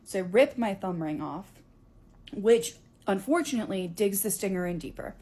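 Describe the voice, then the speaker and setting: A woman's voice: medium pitch, normal speed. Chatty young woman telling a story. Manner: animated, chatty, filler-heavy. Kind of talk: casual storytime.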